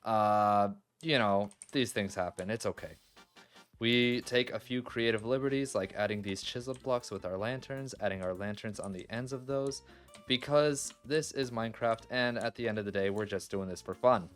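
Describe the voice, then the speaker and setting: A man's voice: lowish voice, moderate pace, soft background music. A man chatting casually through his building game, exclaiming and laughing readily as he talks straight to his viewers. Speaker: gaming video creator. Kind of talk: casual let's-play commentary.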